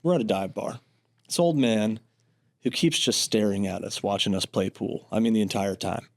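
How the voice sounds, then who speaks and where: Male podcast co-host, low voice, easygoing halting storyteller. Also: vocal fry. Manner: relaxed, halting storytelling with fillers. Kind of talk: casual storytelling.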